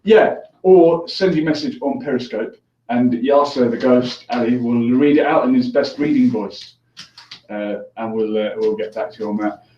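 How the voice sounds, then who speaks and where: With a dark tone and medium pitch at normal speed, a man hosts a call-in show, chatting casually and joking and laughing easily with callers. He wears headphones, and the distant mic yields an echoey, dull, lo-fi sound.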